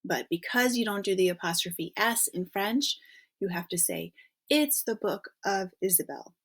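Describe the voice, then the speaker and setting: A woman's voice: medium pitch, normal speed, a bit bright. A woman teaching a recorded French lesson in English, patiently prompting students to think and checking in with frequent okays.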